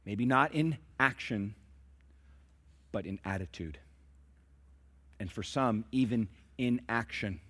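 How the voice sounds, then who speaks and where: A man's voice: on the low side, takes it slowly, pauses often, fairly bright tone. A man preaching a sermon as pastor, telling stories and calling out to his congregation for responses. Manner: storytelling preacher who calls out to the congregation.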